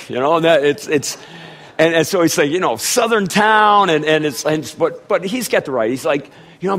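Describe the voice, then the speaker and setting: A middle-aged man preaching a sermon, telling a family story in a storytelling manner and doing animated impressions of his relatives. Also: high-pitched, a little fast. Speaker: pastor.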